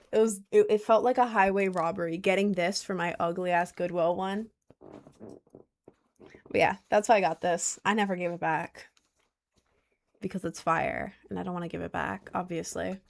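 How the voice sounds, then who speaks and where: A teenage girl rambling into a headset mic, her mid-pitched voice full of vocal fry. She talks loosely and casually, dropping "like" every few words and laughing at herself now and then. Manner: chatty, many "like" fillers, laughs at herself. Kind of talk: casual rambling chat to viewers. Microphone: headphones with a mic.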